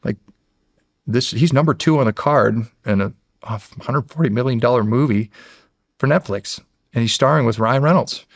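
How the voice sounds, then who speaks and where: A man's voice: medium pitch, moderate pace, dry recording, studio quality. An American man in his forties, a podcast guest telling a story in a casual way, acting out what people said and swearing freely. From United States. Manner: animated storyteller who acts out quotes and swears freely.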